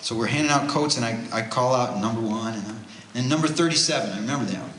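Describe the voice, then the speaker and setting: Man, retreat speaker, animated storytelling, forceful bright voice, echoey parish hall. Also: mid-range voice, fast talker. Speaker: retreat speaker, homeless ministry worker. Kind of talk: storytelling religious talk. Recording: roomy hall with faint noise.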